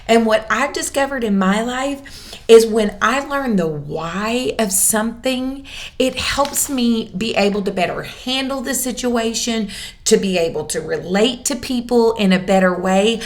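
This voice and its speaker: A middle-aged woman, a church kids minister hosting a parenting podcast in a slow, deliberate, encouraging way. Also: fairly high pitch.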